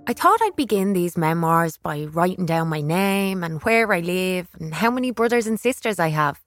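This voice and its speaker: A woman reading a first-person children's story aloud in a wry, expressive way on a close studio mic. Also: fairly low pitch, moderate pace, soft background music. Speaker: audiobook reader.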